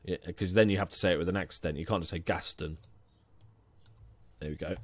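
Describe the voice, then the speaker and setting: A young man with a lowish voice talks his way through a football management game, joking and handing out nicknames as he goes. The sound is close and dry, with no room behind him. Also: fairly even intonation, a little fast, dry recording. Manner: chatty, jokey, gives players nicknames. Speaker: gaming channel host. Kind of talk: casual let's-play commentary.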